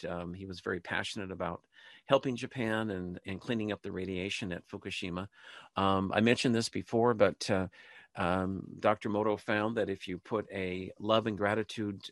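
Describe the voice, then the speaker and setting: Low-voiced man, rambling host monologue. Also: no room sound. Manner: rambling, many ums and restarts, leads group prayer. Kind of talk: casual spoken talk show monologue.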